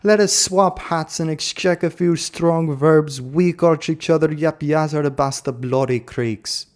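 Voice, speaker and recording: A prying male character fires off questions in jumbled foreign phrasing, each one left hanging on a murmur. A man puts him on in a much higher, oddly colored voice. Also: measured pace, a little mellow, natural voice. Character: quizzical man probing a stranger's language.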